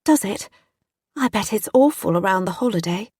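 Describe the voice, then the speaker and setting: A woman's voice: medium pitch, animated, moderate pace, darkish tone, husky, no echo, studio quality, pitched above the performer's own voice. A woman voicing a young woman with a posh, plummy English accent, putting on tearful panic and then charm.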